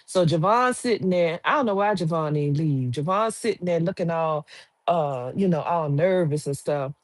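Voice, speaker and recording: A woman's voice: sits low, moderate pace, no echo. A woman giving a chatty, slangy recap of a TV drama episode, acting out the characters' lines. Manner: chatty, slangy, acts out quotes. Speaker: TV episode reviewer.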